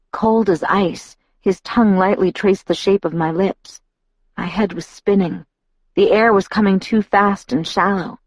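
A woman narrating a first-person audiobook in an intimate, breathy storytelling manner. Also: medium pitch, steady tone, measured pace, no room sound, poor audio.

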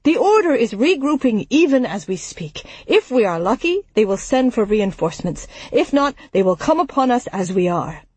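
A woman's voice: a little high, big pitch swings, normal speed, few pauses, a little mellow, husky, dry recording. A woman narrator voicing a blunt village man pressing for defense, raising her voice for him. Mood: urgent.

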